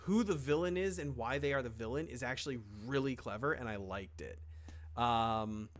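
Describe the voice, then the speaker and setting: A young man chatting on a podcast, rambling through his thoughts with plenty of "um" and "like" and casual swearing. His voice sits at an ordinary middle pitch. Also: moderate pace. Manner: rambling, lots of fillers and restarts, swears casually. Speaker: podcast co-host. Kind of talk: casual chat.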